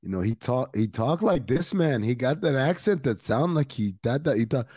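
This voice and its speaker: A man's voice: medium pitch, animated, moderate pace, dark tone, husky, dry recording, studio quality. A man co-hosting a podcast, telling stories in loose, laughing banter full of profanity. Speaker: podcast co-host. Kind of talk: casual chat.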